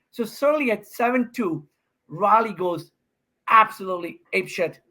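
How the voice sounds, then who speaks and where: Animated older man telling a story. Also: high-pitched, moderate pace. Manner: excited, acts out his own quotes with raised voice. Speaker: guest, professional pickleball player.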